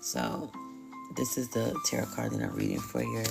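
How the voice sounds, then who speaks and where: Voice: mid-range voice, wildly swooping pitch, normal speed, gravelly, loud music behind the voice. A tarot reader hosting a live stream, talking casually and bluntly with slang, swearing and frequent laughs.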